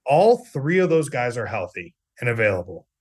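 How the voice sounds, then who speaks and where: This middle-aged sports reporter co-hosts a casual podcast in a medium-pitched, sing-song voice with a breathy edge, at normal speed. His talk is chatty and jokey, packed with fillers.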